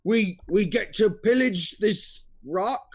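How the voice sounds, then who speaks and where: A man voicing a rowdy crew of greedy ogre pirates who shout pirate cries. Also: high voice, takes it slowly, voice pushed up, full character voice.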